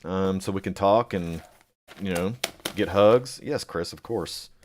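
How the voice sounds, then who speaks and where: A man hosting a live chat, answering viewers by name and rambling with many pauses and fillers. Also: deep voice, slight background noise. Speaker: livestream host reading chat.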